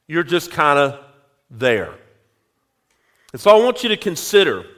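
A male pastor preaching a sermon, telling a story slowly and speaking directly to his congregation. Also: sits high, fairly bright tone. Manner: slow, drawn-out storytelling, addressing the congregation directly.

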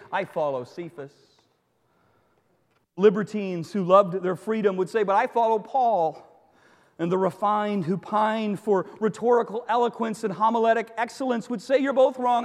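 Lively high-voiced male preacher in hall. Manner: animated storytelling with joking asides. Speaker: pastor. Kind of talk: sermon.

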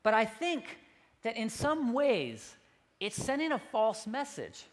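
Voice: medium pitch, big pitch swings, slow, in a large hall. A pastor preaching a sermon in a conversational, self-deprecating storytelling manner.

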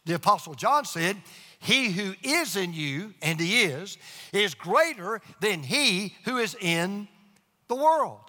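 A man's voice: high voice, expressive, slow pace, sharp tone, in a large hall. A man preaching a sermon with emphatic call-and-response to his congregation. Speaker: pastor.

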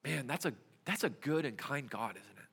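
A man's voice: medium pitch, expressive, normal speed, creaky, a bit bright, husky. A young adult man, a youth pastor, preaching a conversational sermon full of rhetorical questions in a church. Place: church sanctuary. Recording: church hall reverb.

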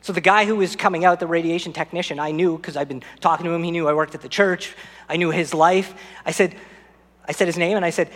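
Male pastor, high voice, earnest sermon, storytelling, long church reverb. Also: steady tone, fast, a bit bright. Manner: earnest, storytelling, addresses the congregation directly.

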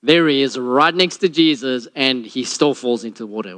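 A man, a pastor, preaching a sermon and telling a Bible story with lively acted-out quotes. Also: normal speed. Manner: storytelling, acts out quotes with a lowered voice.

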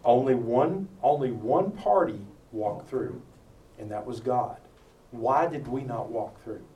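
A man preaching, telling the story with animated asides and jokes. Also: mid-range voice, takes it slowly, slight background noise. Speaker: preacher teaching a Bible study. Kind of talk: sermon. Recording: roomy sound from far off with faint ambience.

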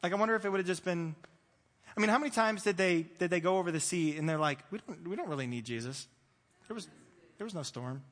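High, bright-voiced preacher in a reverberant hall. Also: male voice, quick pace. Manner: animated, playful, acts out the disciples' voices. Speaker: pastor. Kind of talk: sermon.

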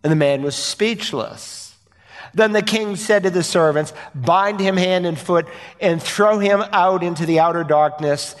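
A man preaching from the pulpit, earnest and emphatic, leaning on rhetorical questions and repetition. His voice sits fairly high for a man and carries a long reverb, as if it fills a church sanctuary. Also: unhurried. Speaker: pastor. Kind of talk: sermon.

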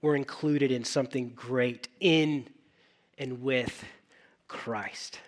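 A middle-aged male pastor preaching a sermon, telling stories with animated acted-out dialogue. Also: mid-range voice, takes it slowly. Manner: animated storytelling, acting out dialogue.

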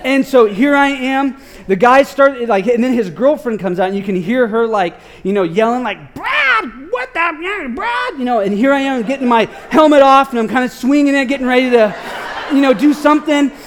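Male preacher, high voice, loose and animated, slangy storytelling from the pulpit. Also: brisk. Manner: animated, slangy, many "like" fillers. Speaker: pastor. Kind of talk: casual storytelling sermon.

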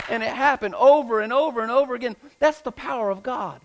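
High-voiced earnest male preacher. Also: brisk, low-quality recording. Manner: earnest, repeats phrases for emphasis. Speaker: pastor. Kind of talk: sermon.

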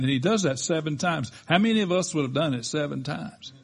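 A man preaching a sermon as a pastor, telling the story with animated delivery and acting out the quoted lines. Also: a little high, brisk, creaky, husky.

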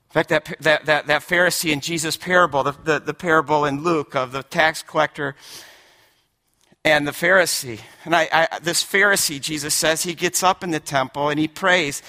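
Male pastor, sermon, bright tense voice, fairly high, emphatic, hushed to shouting. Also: fairly even intonation, moderate pace. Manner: emphatic, repeats words, swings from hushed to shouting.

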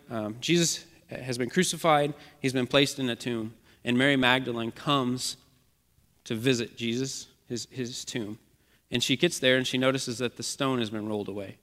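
A man's voice: medium pitch, bright, forceful tone. Man preaching in a reverberant church. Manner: earnest, repetitive preaching cadence. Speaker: pastor. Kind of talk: sermon.

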